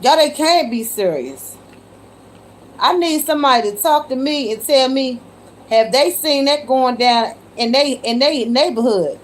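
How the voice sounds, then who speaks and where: A woman with a fairly high voice chats on a casual phone livestream, talking straight to her viewers. She keeps calling them y'all and breaks into exclamations of disbelief, with a faint hiss under her voice. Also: animated, unhurried. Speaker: livestream host. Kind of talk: casual live chat with viewers.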